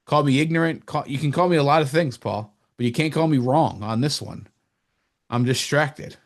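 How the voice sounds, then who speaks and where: A man from New Jersey co-hosting a sports podcast, talking casually and fast. He rambles and gets animated, his voice leaping up when he mocks someone. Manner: animated, rambling, jumps up in pitch when mocking. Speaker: podcast co-host.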